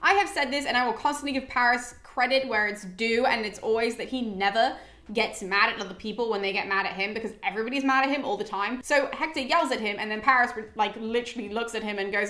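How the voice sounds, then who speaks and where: A woman's voice: on the high side, a little fast, fairly bright tone. A young woman hosting a classics channel, summarizing an epic in a chatty, irreverent way with casual swearing. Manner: chatty and irreverent, swears, voices characters in quotes. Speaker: classics video host. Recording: echoey room.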